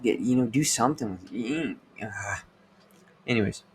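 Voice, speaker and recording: A young man talks in a low voice, rambling through a crude podcast monologue full of fillers and cursing. A faint hum sits behind him. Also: expressive, moderate pace, darkish tone. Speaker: podcast host.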